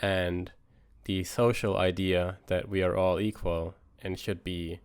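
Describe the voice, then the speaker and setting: A man co-hosting a podcast, asking measured questions about a philosophy book with pauses. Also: low voice, level tone, clean tone, dry recording. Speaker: podcast co-host. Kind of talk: casual book discussion.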